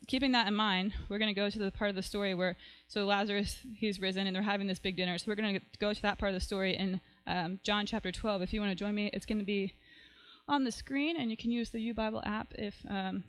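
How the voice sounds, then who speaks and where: Woman, pastor, casual storytelling sermon, mid-pitched, smooth resonant voice. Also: rough recording. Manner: conversational storytelling, frequent "like" and "right?".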